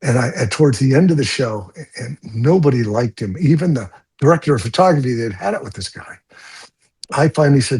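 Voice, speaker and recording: An older man, a stunt coordinator, telling blunt, animated stories from film sets in an interview and swearing freely. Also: mid-range voice, fairly quick, slightly rough. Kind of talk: storytelling interview.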